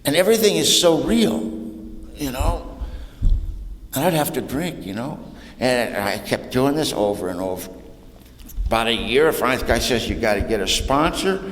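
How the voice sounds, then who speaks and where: A man's voice: fairly low pitch, fairly bright tone, slight background noise. A man giving a humorous recovery talk to an audience, folksy and plainspoken, telling his story in colloquial speech. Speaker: recovery meeting speaker. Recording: roomy hall with long echo.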